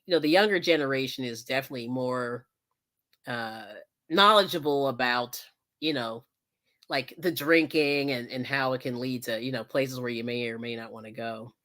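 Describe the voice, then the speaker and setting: A woman's voice: extremely low pitch, normal speed, fairly bright tone. A woman hosting a casual live stream, chatting, laughing often and thanking viewers as she crafts. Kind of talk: casual chat while crafting.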